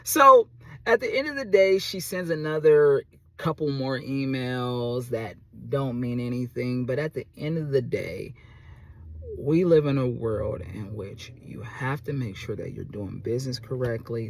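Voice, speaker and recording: Man, small business owner, animated vlog storyteller with a casual, chatty delivery. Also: medium pitch, a little slow, creaky. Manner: animated, chatty, keeps asking "okay?".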